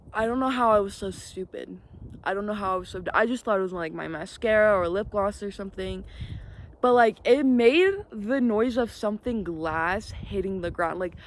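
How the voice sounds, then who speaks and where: Young woman doing a storytime vlog outside, mid-pitched, lots of "like" and cussing, faint wind noise. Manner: rambling, profane, filler-heavy. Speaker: vlogger. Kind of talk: casual storytime chat. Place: outdoors in the wind. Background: wind and passing vehicles.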